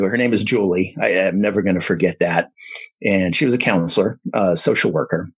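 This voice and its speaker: A man telling a personal story about fertility struggles and adopting, halting often with fillers and restarts. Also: low-pitched, breathy edge, no room sound, rough recording. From San Diego area. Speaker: adoptive parent sharing his story.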